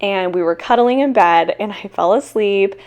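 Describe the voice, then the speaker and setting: Young woman, teacher-vlogger, casual Q&A, self-deprecating, quick to laugh, middle-pitched voice, close mic. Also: a little mellow, muffled recording. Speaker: teacher and small-shop vlogger. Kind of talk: casual Q&A chat. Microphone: own mic.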